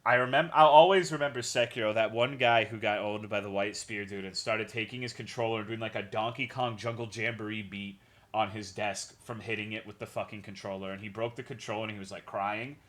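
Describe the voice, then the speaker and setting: A man's voice: on the low side, steady tone, fairly quick, fairly bright tone. A young man streaming a game, chatting casually with his viewers in a rambling way, swearing often and greeting chat by name.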